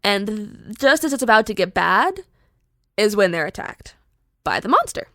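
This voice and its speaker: Young podcast host lady, gravelly voice, rambling chatty storytelling, dry close sound. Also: medium pitch, unhurried, no room sound. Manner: chatty and animated, lots of "like" fillers. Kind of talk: casual storytelling pitch.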